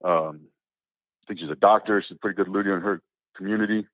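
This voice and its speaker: A man telling a personal story as an interview guest, animated and acting out the dialogue as he goes. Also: low voice, quick pace, dry recording. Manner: animated, acts out quoted dialogue, repeats words. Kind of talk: casual spoken storytelling. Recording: tinny, phone-like, dry.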